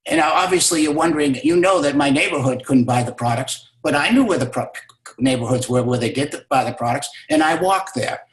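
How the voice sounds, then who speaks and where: A man's voice: mid-range voice, brisk. Male business mentor, motivational storyteller, emphatic and repetitive, mid-range voice, echoey room. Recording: roomy echo.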